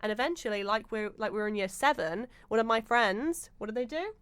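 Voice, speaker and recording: Animated young woman telling stories. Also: a little high, a little fast, smooth, no room sound, clean studio sound. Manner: animated storyteller, acts out quotes with many fillers. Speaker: podcast guest. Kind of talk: casual chat.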